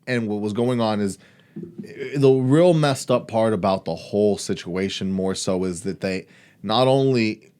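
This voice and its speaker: A man's voice: fairly low pitch, unhurried, a little mellow, clean tone. A man co-hosting a podcast, talking casually and building his points with rhetorical questions. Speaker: podcast co-host.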